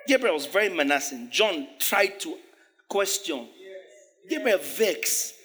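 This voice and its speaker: A man preaching a sermon, animated, laughing often and acting out the voices of biblical figures. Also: a little high, measured pace, slight background noise. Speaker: pastor.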